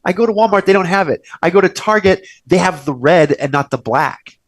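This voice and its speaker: Young guy hosting a chat show from a restaurant cellar, highish voice, bouncy, acts out quotes. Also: fairly quick. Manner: animated storyteller, acts out quotes with big pitch jumps. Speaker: podcast host. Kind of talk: casual chat.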